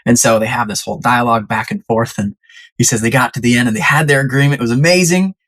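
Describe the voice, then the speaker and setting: A podcast guest who tells a story with animated delivery, acting out the quoted lines in shifting voices. The manner is conversational and enthusiastic, with the pitch sitting in the middle range. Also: fast talker.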